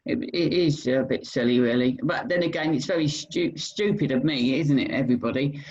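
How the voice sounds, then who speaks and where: A British man co-hosting a casual chat show, hesitant, with many pauses and repeated words. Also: medium pitch, a little mellow. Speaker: co-host. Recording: dull lo-fi sound.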